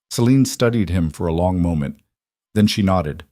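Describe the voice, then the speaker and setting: Low-voiced male story narrator. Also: a little fast, dry recording, studio quality. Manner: steady storytelling read. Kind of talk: scripted narration.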